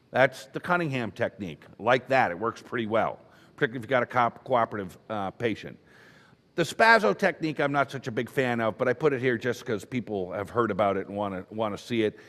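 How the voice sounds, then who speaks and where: Man, medical lecturer, slightly high voice, casual storytelling, long hall reverb. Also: fairly bright tone. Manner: conversational storytelling with acted quotes. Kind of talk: conference lecture.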